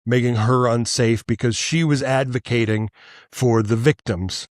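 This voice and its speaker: A man's voice: mid-range voice, steady tone, a little slow, no room sound, clean studio sound. A male podcast host delivering a heated, profane political monologue, worked up and angry, stammering and restarting as he goes.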